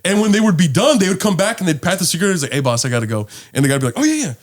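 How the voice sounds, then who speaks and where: Male podcast co-host, swears a lot while animatedly telling stories, pitched slightly high. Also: very fast. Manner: animated storyteller, acts out quotes, swears freely. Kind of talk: casual chat.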